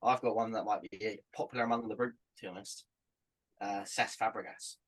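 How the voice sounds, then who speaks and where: A man's voice: fairly low pitch, steady tone, brisk, fairly bright tone, husky, rough recording. A man on a casual podcast, talking in a laid-back, hesitant way with lots of fillers.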